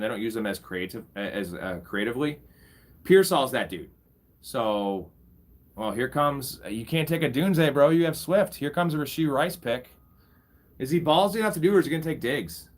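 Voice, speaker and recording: A young man casually commentating a live fantasy football draft, bantering with his chat and swearing freely. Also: mid-range voice. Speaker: fantasy football streamer host.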